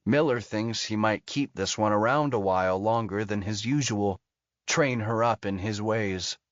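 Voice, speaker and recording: A man narrating an audiobook thriller in an even, steady storytelling manner. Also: fairly low pitch, unhurried, no echo. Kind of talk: scripted narration. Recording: dull lo-fi audio.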